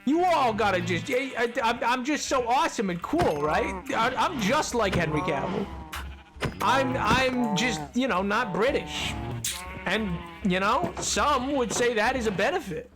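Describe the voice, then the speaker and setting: A man's voice: extremely high pitch, lively intonation, a little slow, music in the background. Man streamer riffing casually; restarts and stammers, self-mocking, desk mic. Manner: rambling, stammering self-deprecating banter. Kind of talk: casual gameplay commentary. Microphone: desk microphone.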